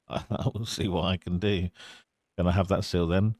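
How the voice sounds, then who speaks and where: A man's voice: low-pitched, level tone, unhurried, long pauses, a little mellow, no room sound, clean studio sound. A man streaming a video game, chatting in a casual, joking way and reading his character's lines. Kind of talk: let's play with read-aloud dialogue.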